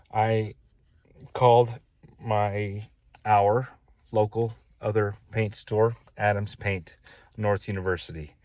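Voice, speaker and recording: A man's voice: fairly low pitch, darkish tone, no room sound. A man building his own house, telling a casual, exasperated story in a vlog and repeating his gripes.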